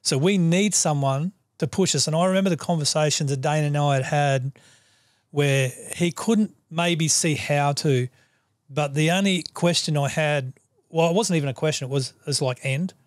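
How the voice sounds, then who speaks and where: A man's voice: a little high, normal speed, dry recording, studio quality. An Australian man hosting a podcast, who speaks encouragingly and often chimes in with short agreements. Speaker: podcast host. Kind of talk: casual conversational interview.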